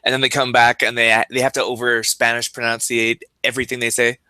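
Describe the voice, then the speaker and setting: Guy cohosting a podcast, jokey, very bright sharp voice, dry sound. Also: medium pitch, little pitch movement, fairly quick, clear, resonant tone, dry recording. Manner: jokey, mocks others' put-on accents. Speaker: podcast co-host. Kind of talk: casual podcast chat.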